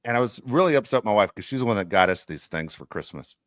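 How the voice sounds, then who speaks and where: A man's voice: lowish voice, animated, fast, a bit bright, no echo, clean studio sound. An older man co-hosting a podcast, telling rambling, self-mocking jokes in casual chat. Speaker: podcast co-host.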